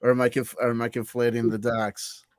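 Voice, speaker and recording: A man's voice: medium pitch, level tone, fairly quick, no room sound. A man with an ordinary mid-range voice trades wry, joking remarks in easy conversation. The recording is close and dry, with no room sound. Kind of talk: casual conversation.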